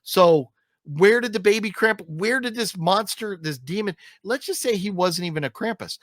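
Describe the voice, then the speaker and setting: A man's voice: sits high, normal speed, fairly bright tone, no echo, studio quality. A man co-hosting a casual film review chat, rambling with lots of fillers and restarts and griping emphatically. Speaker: co-host reviewing films.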